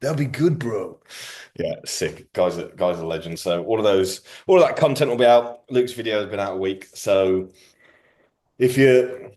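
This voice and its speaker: A man with a fairly low, slightly mellow voice hosts a podcast at a normal speed. The casual chat is full of slang, banter and jokes.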